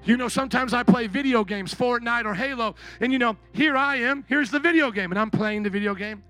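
Pastor guy preaching, really high bright voice, gets loud and animated, soft music in back. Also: brisk. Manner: animated, mimics whining complainers, shouts for emphasis. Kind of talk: sermon.

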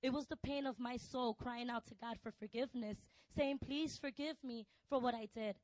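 A woman telling a personal testimony, soft and hesitant with many fillers, turning intense. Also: on the high side, fairly even intonation, normal speed, no room sound, poor audio. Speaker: testimony speaker.

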